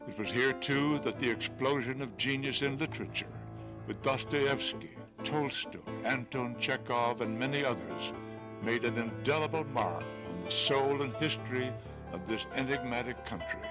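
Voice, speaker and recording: A man narrates a documentary in a measured, formal read. His voice sits at a middle pitch. Music plays clearly under him. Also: poor audio. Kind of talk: scripted narration.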